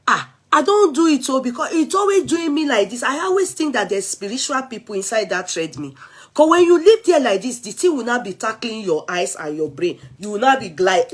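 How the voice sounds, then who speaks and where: A Nigerian woman with a somewhat high-pitched voice talks straight to her viewers in a loose, animated rant. She mixes English, Yoruba and pidgin as it flows. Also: slightly rough. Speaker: vlogger. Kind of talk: casual chatty rant.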